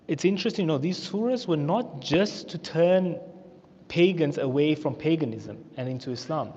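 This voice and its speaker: Australian man teaching in an echoey mosque hall. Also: fairly high pitch. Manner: animated storyteller acting out quotes. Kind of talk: storytelling religious lesson. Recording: echoey hall, muffled lo-fi sound.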